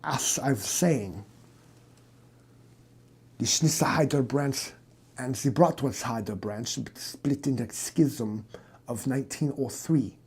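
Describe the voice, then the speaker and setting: A man's voice: medium pitch, slow pace, long pauses, a little mellow, slightly rough. A man doing a pompous German psychoanalyst. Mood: indignant. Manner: stiff, formal, fussy and easily offended.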